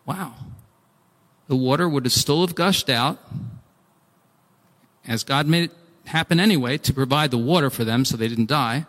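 Man, preacher, sermon, animated, restarts often, long reverb. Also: medium pitch, moderate pace, long pauses. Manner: animated, acts out pleading voices, restarts often.

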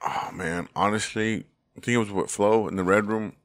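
A man chatting casually as a comedy host, telling animated stories, acting out quotes and laughing often. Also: on the low side, normal speed. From Salvadoran family roots. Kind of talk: casual podcast chat.

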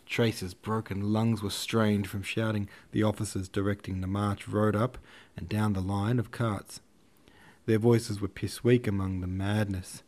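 A man's voice: on the low side, a little mellow. A man narrating a classic novel in a slangy, irreverent retelling. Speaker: audiobook narrator. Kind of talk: casual audiobook narration.

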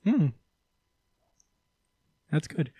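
A man's voice: extremely slow, warm tone, no echo. A man co-hosting a podcast, talking through comic books in a casual, laid-back way with some swearing. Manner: laid-back, loosely profane. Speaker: podcast co-host. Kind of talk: casual comic book discussion.

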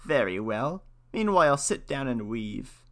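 A man reading a folktale, voicing a sly old cannibal witch in a low, slow, falsely sweet voice. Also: big pitch swings.

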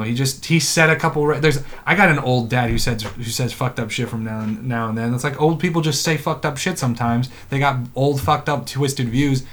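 A man's voice: mid-range voice, fairly bright tone, slight background noise. A man co-hosting a podcast who talks bluntly and profanely, waving things off in casual chat. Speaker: podcast co-host.

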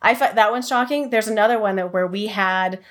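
A woman hosting a podcast, talking casually with lots of fillers and quick restarts. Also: mid-range voice, a bit bright. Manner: chatty, many fillers and restarts. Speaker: podcast host.

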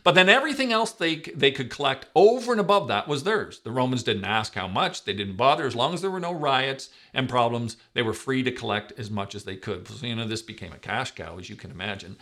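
A male pastor delivering a sermon in a mid-pitched voice. He leans hard on key words, then drops to soft, low asides. His delivery swings between loud and quiet throughout. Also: lively intonation, brisk, few pauses.

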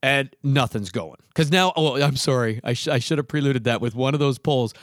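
A man's voice: medium pitch, normal speed, dry recording, clean studio sound. A man telling a story in casual chat, acting out the voices and laughing as he goes. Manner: animated, acts out voices, laughs through the telling.

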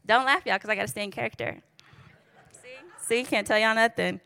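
A woman's voice: on the high side, fairly quick, gravelly, pauses often, clean tone, no echo. A woman preaching in a casual, storytelling way, joking and talking straight to her listeners. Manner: lively, joking, addresses the audience directly.

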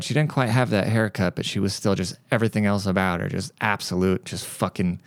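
A man's voice: lowish voice, clear, resonant tone, no echo. A man hosting his own podcast, telling stories in a blunt, profane, ranting monologue. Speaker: podcast host.

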